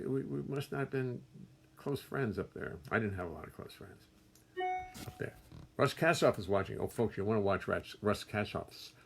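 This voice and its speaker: Speaking in a fairly low, gravelly voice with a slight roughness, this older man chats his way through a casual livestream from his music studio. He reads out viewers' names and welcomes them warmly, tossing in wry jokes at his own expense.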